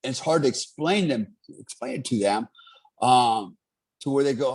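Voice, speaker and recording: A man's voice: medium pitch, expressive, normal speed, darkish tone, husky. Rambling middle-aged veteran man. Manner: rambling, many fillers, earnest. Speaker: military veteran guest. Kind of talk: casual interview storytelling.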